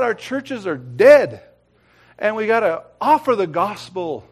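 Middle-aged male preacher with a high voice, delivering a sermon that swings from loud emphasis to hushed tones.

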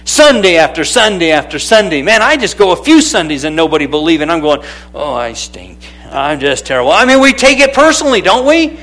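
A man with a fairly high voice delivers a sermon from the pulpit. He preaches in an animated, conversational way, leaning on questions and calling to listeners by name. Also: fast talker, few pauses. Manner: animated, calls out to people by name. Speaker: pastor.

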